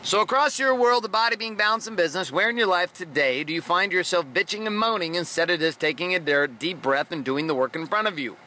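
A man's voice: high-pitched, fast talker, few pauses, bright, forceful tone, a little hiss or hum. A man hosting a motivational podcast, talking bluntly and profanely in a fired-up monologue. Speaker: podcast host.

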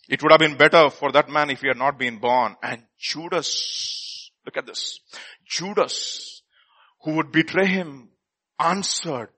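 A man preaching a sermon, reading scripture and acting out the scenes. He talks animatedly, swinging between loud exclamations and near-whispers. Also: on the high side, lively intonation, measured pace, husky.

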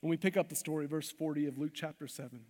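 High-voiced man preaching in a hall. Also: fairly even intonation, fast talker, a little mellow. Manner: passionate preaching with rising emphatic outbursts. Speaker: pastor. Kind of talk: sermon. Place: church sanctuary. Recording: long reverb of a large hall.

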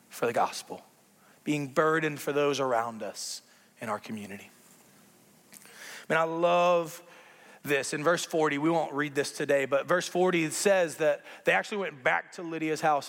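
A man preaching a sermon as pastor, conversational and animated, with playful asides to the congregation. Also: a little high, in a large hall.

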